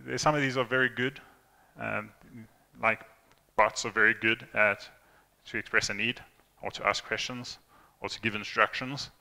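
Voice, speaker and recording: Bright and forceful, this young man's mid-range voice carries an informal tech talk to a conference audience. His delivery is chatty, peppered with fillers and restarts, and he acts out the lines he quotes. The recording has a reverberant hall sound.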